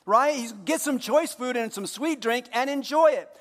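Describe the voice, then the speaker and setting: A man preaching a sermon to his congregation, joking with them and moving between hushed earnest moments and loud, playful ones. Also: very high voice, normal speed, big-room sound. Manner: jokey, talks directly to the congregation. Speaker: pastor. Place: church hall.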